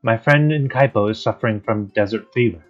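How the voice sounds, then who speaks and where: A man's voice: fairly low pitch, fairly quick, lightly acted. An earnest, firm young knight from a video game, read by a man in his own voice. The audio is muffled and lo-fi, with faint guitar music.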